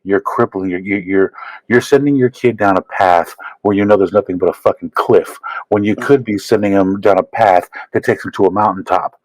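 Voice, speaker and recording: Low voiced guy on a podcast, dry close sound, keeps repeating words, swears. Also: a little mellow, no room sound, poor audio. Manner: halting, repeats words, profane. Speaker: podcast co-host. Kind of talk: casual comedic chat.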